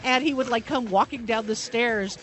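A woman's voice: on the high side, moderate pace, fairly bright tone. A woman co-hosting a radio show, chatting casually and telling amused stories. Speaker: radio co-host and news reader.

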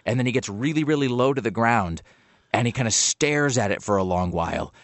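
A man's voice: medium pitch, expressive, brisk, no echo. A man hosting a radio show, telling rambling pet stories in casual chat, with lots of uh and like.

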